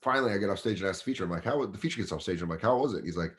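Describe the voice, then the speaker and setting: A man with a low-pitched voice tells a casual story as a guest comedian, swearing freely. His delivery swings widely up and down in pitch as he acts out the other people in the story. He sounds like a man in his thirties. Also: lively intonation, very fast.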